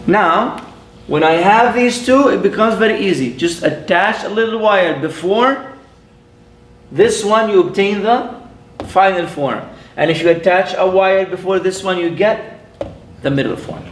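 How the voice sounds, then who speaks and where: Slow, patient imam teaching in an echoey room. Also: male voice, sits high, a little hiss or hum. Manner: patient, playful, repeats sounds slowly. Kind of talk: classroom lesson. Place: mosque classroom.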